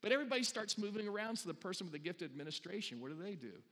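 A man's voice: a little high, fast, vocal fry, few pauses, a bit bright. Conversational male pastor in a reverberant hall. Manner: conversational, asks the congregation questions, acts out little voices. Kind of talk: sermon.

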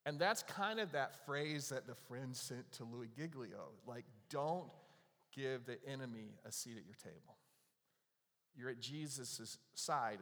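A man gives a sermon in a relaxed, conversational way, spinning stories and tossing in asides to his congregation. His voice sits at an ordinary middle pitch. The sound carries a long reverb from a large church sanctuary. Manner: conversational, lively storytelling with asides and laughs. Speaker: pastor.

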